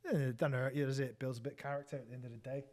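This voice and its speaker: A man's voice: medium pitch, fairly even intonation, rapid-fire, darkish tone. A man with an English accent telling rambling, laughing anecdotes in casual chat, swearing freely. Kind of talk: casual storytelling banter.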